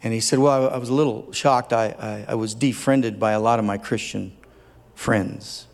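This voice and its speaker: A pastor with a lowish, gravelly voice preaches a sermon at normal speed, earnest and tender, at times building to fervent emphasis. A long hall reverb surrounds the recording.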